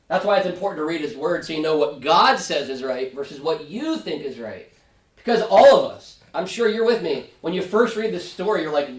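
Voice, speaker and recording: Animated pastor teaching in an echoey room. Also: male voice, a little high. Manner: animated, acts out biblical characters in quick asides. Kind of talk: Sunday school Bible study teaching. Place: church classroom. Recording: echoey room, mic at a distance.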